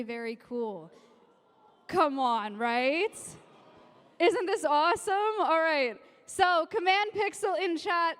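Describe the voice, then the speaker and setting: A young woman presenting on stage at a convention, excited and gushing as she announces a fundraiser to a live audience. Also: on the high side, smooth. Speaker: sanctuary founder presenting on stage. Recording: long hall reverb.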